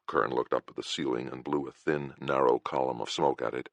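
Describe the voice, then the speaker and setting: Very deep, gravelly male narrator. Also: fairly even intonation, a little fast, few pauses, no room sound. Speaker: audiobook narrator. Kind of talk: first-person scripted narration.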